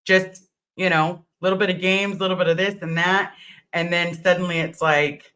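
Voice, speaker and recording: A woman's voice: on the low side, steady tone, normal speed, fairly bright tone, smooth. A woman hosting a casual livestream, greeting viewers by name and telling a rambling story full of restarts. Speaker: livestream host. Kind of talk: casual live-stream chat.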